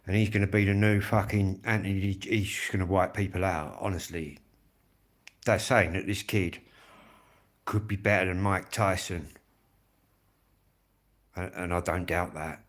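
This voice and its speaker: A man with a Kent accent, speaking in a fairly low voice. He hosts his own music channel and chats on a live stream in a loose, rambling way. He swears freely and drifts from one point to the next. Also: fairly even intonation, unhurried, pauses often. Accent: Kent English. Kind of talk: casual live-stream chat.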